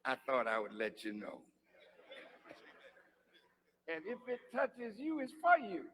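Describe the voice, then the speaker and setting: A man preaching a sermon, teasing and conversational, dropping to hushed asides and then rising to shouts. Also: fairly high pitch, huge pitch swings, slow. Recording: long hall reverb.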